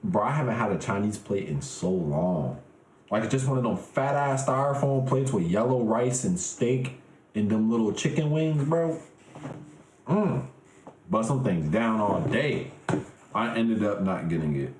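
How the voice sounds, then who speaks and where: Animated young man streaming, roomy echo. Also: unhurried, a little hiss or hum. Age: 20s. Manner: animated, profane, joking, swinging between low mutters and high outbursts. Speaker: live streamer. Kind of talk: casual livestream chat to viewers.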